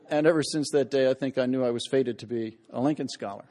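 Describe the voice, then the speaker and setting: A historian gives a humorous public lecture in a mid-range voice at a quick pace with few pauses. He tells anecdotes with self-deprecating humor and loudly acts out the voices in his stories.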